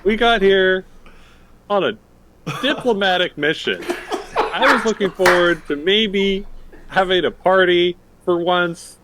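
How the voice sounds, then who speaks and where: A man's voice: sits high, takes it slowly, long pauses, noisy background. Rambling, laughing male tabletop player. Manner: loose, rambling, filler-heavy. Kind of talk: in-character rambling recap.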